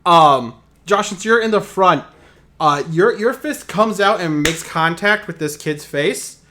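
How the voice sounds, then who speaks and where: A man's voice: high voice, expressive, measured pace, sharp tone. A man narrating as game master in a casual tabletop session, rambling and full of fillers.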